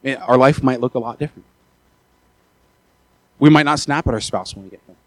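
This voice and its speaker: A man preaching a sermon, often repeating and restarting his words, who rises from quiet talk to loud, urgent appeals. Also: medium pitch, fairly quick, no echo. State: out of breath after the peak.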